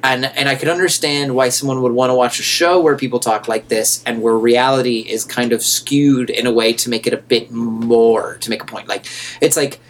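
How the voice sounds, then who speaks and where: A man's voice: medium pitch, fairly even intonation, moderate pace, slight background noise. A man co-hosting a podcast in casual chat, rambling and repeating words as he thinks aloud. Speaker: podcast co-host.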